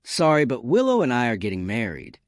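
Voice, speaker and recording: A smug, provocative young man, voiced by a male narrator. He sneers with a lively, swinging delivery. The sound is dry and close. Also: mid-range voice, brisk, dry recording.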